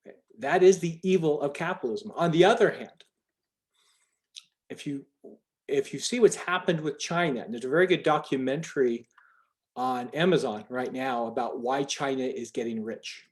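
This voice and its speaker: A man's voice: medium pitch, normal speed. A man leading a group video call, talking in a rambling, emphatic way with many restarts. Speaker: call organizer.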